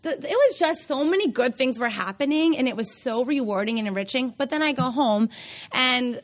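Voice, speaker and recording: A high-voiced woman in her thirties, a guest on an interview. She speaks candidly and emotionally, wearing her feelings openly and laughing easily as she tells her story. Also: expressive, moderate pace. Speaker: guest, founder and CEO.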